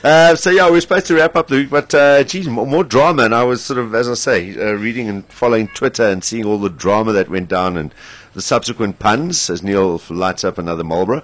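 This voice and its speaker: A man hosting a radio show, relaxed and joking, laughing often with his guest. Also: fairly low pitch, brisk. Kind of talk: casual chat.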